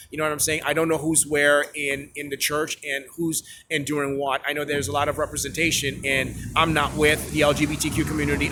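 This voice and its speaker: A man's voice: a little high, bright, forceful tone, a little hiss or hum. A man from Haiti giving a rambling, agitated personal account, full of restarts and repetition. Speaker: vlogger. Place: outdoors near a tent camp.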